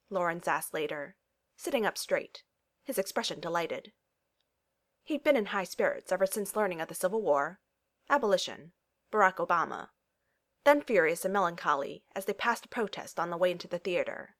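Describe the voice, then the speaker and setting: A woman's voice: lowish voice, expressive, moderate pace. A woman reading a story aloud, telling it expressively and giving quoted characters their own voices. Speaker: narrator. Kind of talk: reading fan fiction aloud.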